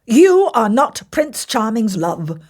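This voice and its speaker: A woman voicing a formal, self-important royal messenger who speaks dutifully and slowly. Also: a little high, big pitch swings, a little mellow, heavily acted. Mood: firm. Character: pompous royal messenger, grown man.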